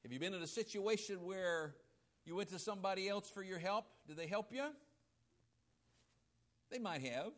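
A male pastor preaching a sermon, swinging between loud emphatic lines and quiet low asides, acting out quoted voices. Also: normal speed, pauses often.

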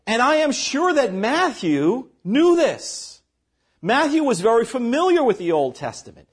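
A man's voice: extremely high pitch, breathy edge. A man preaching a sermon as pastor, reading scripture aloud and breaking in with short asides to the congregation.

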